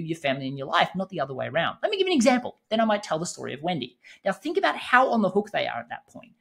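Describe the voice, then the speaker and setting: A man, a podcast guest and business coach, explains his approach in a lively interview, acting out quoted conversations with emphatic, punchy delivery. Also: high-pitched, rapid-fire, vocal fry, few pauses, slightly rough. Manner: lively, acts out quoted dialogue in different tones.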